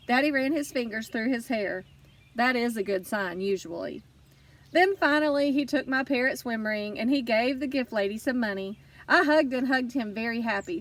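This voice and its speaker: A woman narrating a children's audiobook in first person, lively and expressive. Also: on the high side, normal speed, far from the mic. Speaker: audiobook reader.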